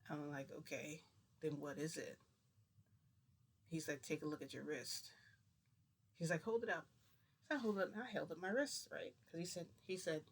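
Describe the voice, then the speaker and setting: A man's voice: on the high side, vocal fry. A man casually retelling a personal story to the camera, rambling and acting out dialogue with "I'm like" and "he goes". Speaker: vlogger.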